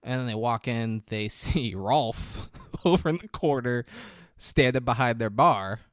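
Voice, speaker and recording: A man co-hosting a podcast, casually retelling movie scenes in an animated storytelling way. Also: mid-range voice, measured pace, dry recording, clean studio sound. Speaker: podcast co-host.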